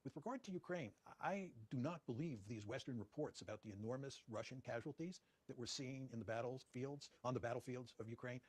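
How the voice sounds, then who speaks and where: A man with a husky voice answers as an interview guest at a brisk clip. He speaks deliberately and repeats his key points. The sound is dry and close. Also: medium pitch, no room sound. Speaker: guest professor.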